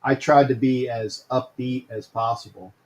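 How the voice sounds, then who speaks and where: A man's voice: medium pitch, steady tone, unhurried. A man hosting a casual sports talk livestream, greeting viewers by name and often repeating himself.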